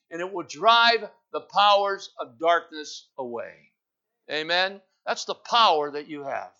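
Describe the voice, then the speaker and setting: A man preaching a sermon, building to loud fervent peaks and calling out to the congregation. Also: high voice. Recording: dull lo-fi sound.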